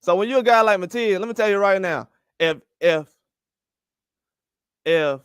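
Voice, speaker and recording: In a clean studio recording with no room sound, an older boxing commentary host delivers a heated, profane opinion rant full of repeated rhetorical questions. His voice sits high and smooth, moving at a normal speed.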